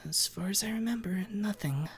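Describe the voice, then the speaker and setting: A hushed, breathy whispered role-play of a bitter teenage girl giving testimony, as a man puts her on. She answers slowly and quietly, her words trembling. The voice sits a touch higher than his own and is airy and rough around the edges.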